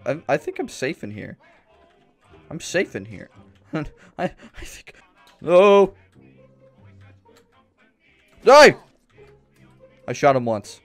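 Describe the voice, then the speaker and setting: A man's voice: a little high, very animated, unhurried, long pauses, faint music behind. A man talking casually through a horror maze game, rambling and jumpy, yelping when startled. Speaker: gaming YouTuber. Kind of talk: let's-play commentary.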